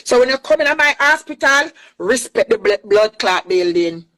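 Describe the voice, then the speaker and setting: A woman's voice: a little high, animated, moderate pace, fairly bright tone, low-quality recording. A woman from Clarendon with a Jamaican accent, delivering a heated, defiant social media rant and repeating herself for emphasis. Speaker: accused woman responding.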